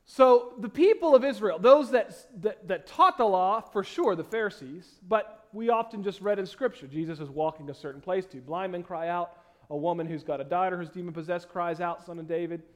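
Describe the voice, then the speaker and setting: In a high voice, a man delivers a sermon as pastor. He reads scripture with deliberately slowed, stressed phrasing, alternating between loud emphatic bursts and soft asides.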